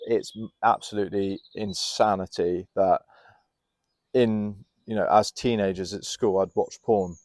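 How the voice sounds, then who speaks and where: A young man, a fitness coach guest, chatting casually outdoors in a garden on a podcast and telling candid, animated stories. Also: on the low side, unhurried, dry recording, studio quality. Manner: candid, animated storyteller who laughs easily.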